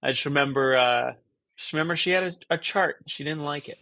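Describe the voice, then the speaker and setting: A man's voice: fairly high pitch, brisk, gravelly, sharp tone, no echo. A man in his thirties, a guest on a podcast, chatting casually in a rambling, stop-start way. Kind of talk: casual conversation.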